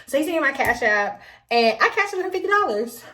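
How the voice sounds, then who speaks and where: A young adult woman telling a dating story in a vlog, sassy and animated, with laughing asides. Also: high voice, brisk. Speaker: vlogger.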